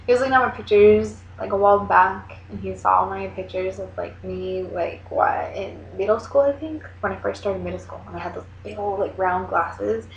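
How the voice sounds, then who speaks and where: A young woman chatting casually to her camera, rambling along with lots of "like" and quick asides. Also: medium pitch, gravelly, slight background noise. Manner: chatty, rambling, heavy use of "like". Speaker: vlogger. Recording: echoey room, dull lo-fi sound.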